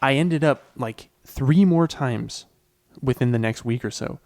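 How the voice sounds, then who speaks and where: A young man talks casually on a podcast, relaxed and easygoing, with a little swearing. His voice is at an ordinary pitch for a man and sounds dry and close to the mic. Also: measured pace, no room sound. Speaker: podcast co-host. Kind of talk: casual chat.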